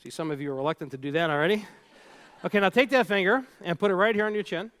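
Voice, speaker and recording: A high-voiced man delivers a lively keynote speech. He tells stories with a playful touch and keeps turning to the audience. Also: fast. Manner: storytelling, playful, engages the audience directly. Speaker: keynote speaker.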